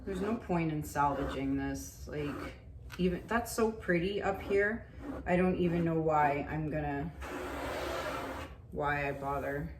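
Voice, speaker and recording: A woman's voice: deep voice, measured pace. A woman talking to herself and her viewers while painting, chatty and often frustrated, trailing off mid-thought. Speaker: acrylic pour painting vlogger. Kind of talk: casual talk while painting. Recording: roomy echo, faint ambient noise.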